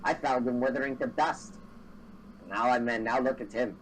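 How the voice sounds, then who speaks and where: A man's voice: mid-range voice, fairly even intonation, moderate pace, slight background noise, lightly acted, low-quality recording. A man doing a cheeky, chatty halfling. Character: chatty male halfling cart driver.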